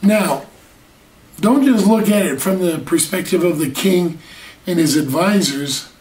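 Slow, high-voiced preacher in an echoey room. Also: male voice, animated, darkish tone. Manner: earnest, drawn-out emphasis with rhetorical questions. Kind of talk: sermon. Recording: echoey room, mic far off.

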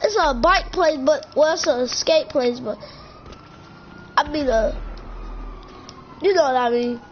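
A woman's voice: high-pitched, slow pace. A woman, trash-talking and swearing playfully while commenting on her gameplay. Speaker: gamer. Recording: dull lo-fi mic with faint background noise.

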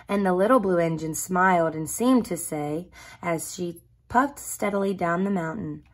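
A woman reading a children's picture book aloud with expressive, animated storytelling. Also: lowish voice, normal speed.

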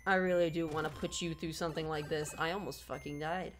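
A woman's voice: low voice, fairly even intonation, fast talker, background noise. A woman streaming a video game, ranting with melodramatic, profane frustration at a level she is playing. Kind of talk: gameplay livestream commentary.

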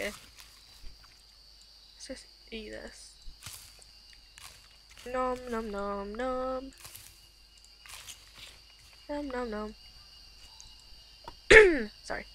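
Excitable woman playing a game. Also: a little high, takes it slowly, pauses often, slight background noise. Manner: chatty, excitable, giggly. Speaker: gaming channel host. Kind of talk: let's play commentary.

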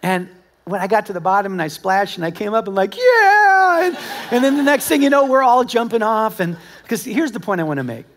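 High-voiced male pastor preaching. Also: quick pace. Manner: animated storytelling with acted-out quotes; conversational, talks directly to the congregation. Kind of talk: sermon. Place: church service with a congregation.

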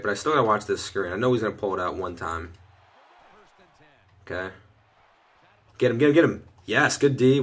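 A young man casually commenting on his own gameplay from his bedroom, chatting through each play and getting loud and excited when things go well. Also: medium pitch. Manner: excitable, shouts and laughs at big plays. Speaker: gaming video host. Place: bedroom at home.

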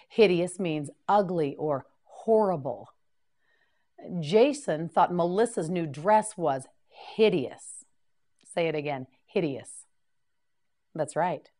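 A woman teaching English vocabulary in a scripted drill, repeating each word slowly and prompting the listener to say it again. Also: fairly low pitch. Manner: slow, clear repetition with prompts to repeat.

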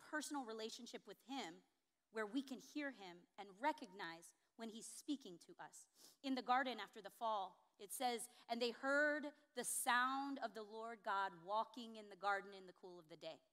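Woman, pastor, sermon, high-pitched, expressive, emphatic peaks.

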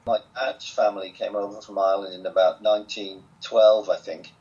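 An older man with a Southwest Lancashire accent tells stories at a relaxed pace with a dry, self-amused humour. His voice sits fairly low. The recording sounds dull and lo-fi. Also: a little fast. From England. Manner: chatty, wry, self-amused. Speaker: interview guest. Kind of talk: relaxed storytelling.

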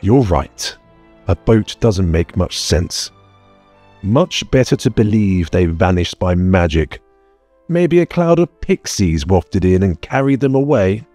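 Felix: man reading sarcastic young adventurer, lively delivery, dry recording. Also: fairly low pitch, a little slow, dry recording. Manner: articulate, sarcastic. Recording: dry close mic, faint music bed.

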